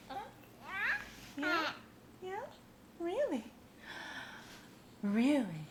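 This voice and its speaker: A mother talking baby talk to her infant at home, sing-song and cooing, with frequent soft laughs. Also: high voice, big pitch swings, slow pace. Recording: echoey room with background noise.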